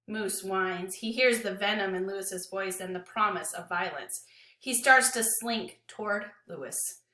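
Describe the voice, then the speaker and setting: A woman teacher reading a novel aloud to her class with an expressive, dramatic delivery. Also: mid-range voice, measured pace, reverberant.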